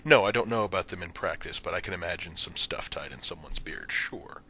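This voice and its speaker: A man's voice: deep voice, animated, brisk, bright, forceful tone, slight background noise. A man joking casually as a player in a tabletop game.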